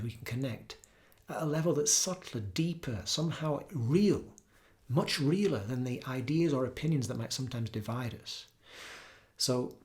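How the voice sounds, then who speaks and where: A man speaks in an earnest, unhurried way, sharing reflections and stories like a yoga teacher addressing students. His voice sits at an ordinary, middle pitch. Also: vocal fry. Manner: earnest, storytelling, breaks into soft singing. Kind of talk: reflective spoken talk.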